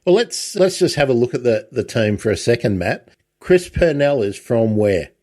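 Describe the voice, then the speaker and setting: A man's voice: mid-range voice, sing-song, normal speed, dark tone. An older man hosting a podcast, asking questions in a friendly, conversational way. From Australia. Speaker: podcast host. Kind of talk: casual interview talk.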